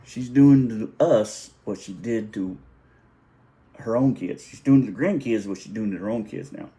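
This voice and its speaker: A middle-aged man spins a casual family story into the camera. His voice is fairly low and mellow, and he rambles along, stopping to correct himself and chuckle. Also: normal speed, a little hiss or hum. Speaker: vlogger.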